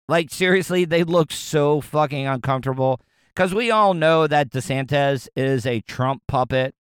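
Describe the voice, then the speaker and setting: Rambling, profane man with a smooth voice. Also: medium pitch, fairly bright tone, dry recording, studio quality. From Florida, US. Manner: rambling, profane, stumbles and repeats words. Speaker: commentator reacting to news clips. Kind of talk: casual ranting commentary.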